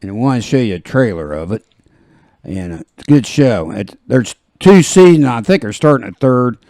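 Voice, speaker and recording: Gravelly jokey man hosting a podcast. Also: medium pitch, warm tone, dry recording, studio quality. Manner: jokey, rambling, laughs often. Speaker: podcast host. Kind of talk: casual chat.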